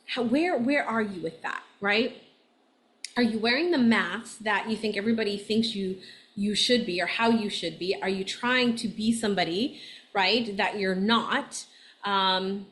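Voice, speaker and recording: Tired woman astrologer, higher-pitched, chatty, laughs often, keeps checking in with "right?". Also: a bit bright. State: tired and a little nauseous. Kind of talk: casual monthly forecast talk.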